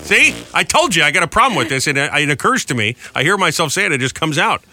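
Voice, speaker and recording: A man's voice: a little high, sing-song, fast talker, sharp tone, a little hiss or hum. A middle-aged man co-hosting a morning radio show, chatty and self-deprecating in casual studio banter. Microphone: studio microphone.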